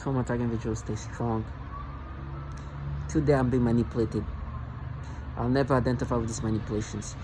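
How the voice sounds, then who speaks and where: A man's voice: mid-range voice, fairly even intonation, fairly quick, pauses often, background noise. A man vlogging alone in a rambling, agitated and mocking rant, often stumbling and restarting his sentences. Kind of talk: rambling monologue to camera.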